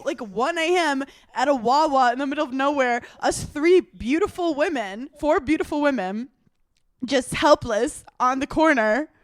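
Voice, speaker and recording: A woman's voice: sits high, moderate pace, no room sound. A young woman co-hosting a casual podcast, telling a story animatedly with frequent laughter and acted-out quotes. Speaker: podcast co-host. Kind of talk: casual chat.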